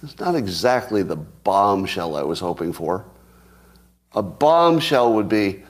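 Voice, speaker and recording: Sarcastic low-voiced man riffing on headlines. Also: normal speed, a little mellow. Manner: sarcastic, mock-outraged asides; thinks aloud with restarts, chuckles. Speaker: commentary host. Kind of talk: solo news commentary.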